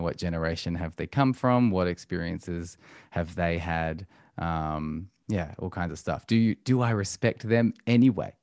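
A man's voice: deep voice, darkish tone, no echo, clean studio sound. A man, talking about family life as a podcast guest in a reflective, hesitant way full of ums. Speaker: podcast guest, musician and homeschooling parent. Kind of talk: casual interview talk.

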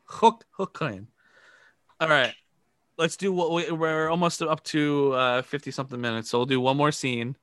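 Male improv teacher, casual, rambling explainer; bright forceful tone, dry recording. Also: on the high side, level tone, normal speed, clean tone, no room sound. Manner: rambling explanations, many restarts. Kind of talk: casual improv practice chat.

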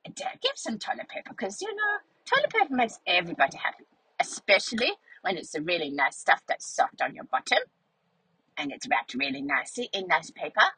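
A woman voicing a cheerful, chatty young female schnauzer dog, telling a story with a childlike, rambling, playful manner and a breathy voice. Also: fairly low pitch, very animated, brisk, bright, forceful tone, exaggerated voice, rough recording. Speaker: vlog narrator in character. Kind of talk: storytelling in character.

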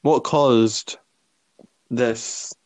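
A man's voice: medium pitch, fairly even intonation, extremely slow, darkish tone, no echo. A young man chatting casually as a podcast co-host, rambling and hesitant, laughing often. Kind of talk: casual chat.

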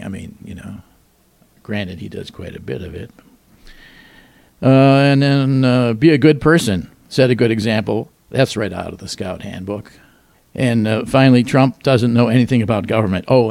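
An older man in his sixties reads satirical headlines with deadpan timing, then drops wry muttered comments. His voice is low and gravelly. The recording is dry and close, with no room sound. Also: no echo. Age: 60s. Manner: dry, wisecracking, mutters asides. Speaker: podcast host. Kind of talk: deadpan satirical news monologue.

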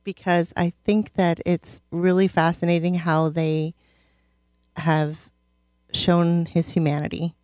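Lady w a low-ish voice talking about a show, thoughtful, laughs a lot. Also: mellow, no echo, studio quality. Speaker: podcast co-host. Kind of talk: casual chat about a TV show.

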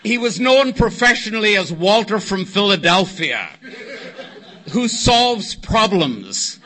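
An older Californian man with a high-pitched voice speaks slowly at a recovery meeting, telling a long, wry story to an audience in a meeting hall. As he goes, he quotes other people in lively voices.

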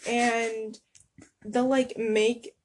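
A woman's voice: fairly high pitch, level tone, drawn-out words, a little hiss or hum. A young woman co-hosting a casual podcast, rambling with lots of filler words. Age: young adult. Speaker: podcast co-host.

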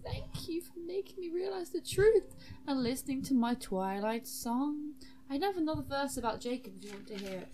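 An earnest, awkward bard who speaks hesitantly and croons long, drawn-out lines, as a woman puts him on. The voice sits a little high and is soft and mellow. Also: big pitch swings. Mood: eager. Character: earnest awkward bard singing a silly love song.

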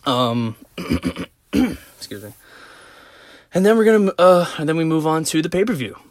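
A man's voice: fairly high pitch, expressive, unhurried, no echo. A young man talking casually in a rambling monologue, swearing often and filling gaps with "like" and "um". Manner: rambling, profane, lots of "like" fillers. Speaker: vlogger.

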